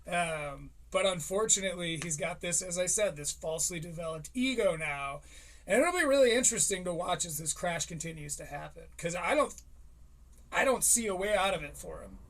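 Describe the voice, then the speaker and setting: A man in his thirties giving rambling, profane comedic commentary on a live stream. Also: high voice. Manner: rambling, profane, animated impressions.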